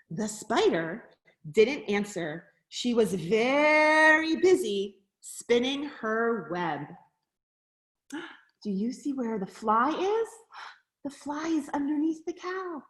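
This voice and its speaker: A woman's voice: fairly high pitch, slow pace, reverberant. A woman educator reading a picture book aloud to children, gasping with surprise and asking them questions as she goes. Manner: animated, gasps and asks the listening children questions. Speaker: nature center educator.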